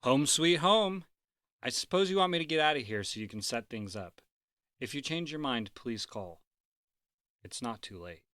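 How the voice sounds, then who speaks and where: A woman voicing an older father who talks gently and hesitantly, worried for his daughter. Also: very deep voice, expressive, normal speed, no room sound, studio quality, pitched below the performer's own voice. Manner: hesitant, soft, pleading.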